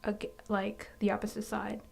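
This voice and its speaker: Soft-spoken woman with a gravelly, flat voice. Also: medium pitch, moderate pace. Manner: hesitant, with restarts, drifting into near-whispers. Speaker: storytime vlogger. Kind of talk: casual storytime monologue.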